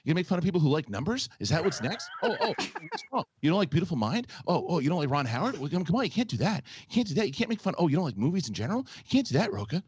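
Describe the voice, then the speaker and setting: A man hosting a casual live stream, chatting with co-hosts and launching into rapid mock-outraged rants. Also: on the high side, wildly swooping pitch, husky. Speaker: show host.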